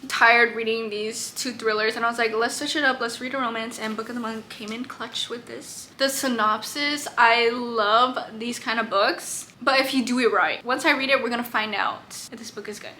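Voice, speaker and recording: A woman's voice: fairly high pitch, fairly even intonation, normal speed, few pauses, bright, forceful tone, a little hiss or hum. A woman book vlogger talking casually and animatedly, getting worked up about the characters as she reviews her reads.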